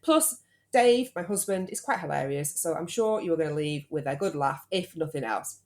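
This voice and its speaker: Low-voiced British woman in her thirties, chatty podcast host who teases her guest. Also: lively intonation, moderate pace. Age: 30s. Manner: chatty and teasing. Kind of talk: casual chat.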